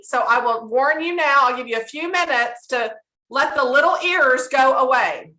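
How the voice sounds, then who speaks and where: A woman's voice: high voice, normal speed, bright, forceful tone. A woman sharing a story on a team call, setting it up in a playful, teasing way. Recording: roomy echo.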